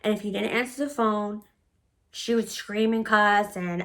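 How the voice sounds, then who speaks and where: A woman's voice: mid-range voice, normal speed, bright, forceful tone. A woman vlogger telling a personal story bluntly, swearing freely and saying "like" often. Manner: blunt, profane, with frequent "like" fillers. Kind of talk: storytime vlog.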